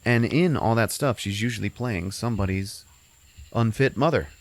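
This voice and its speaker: Low-voiced man recapping a movie. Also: normal speed. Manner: rambling, profane storytelling with many fillers. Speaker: podcast host.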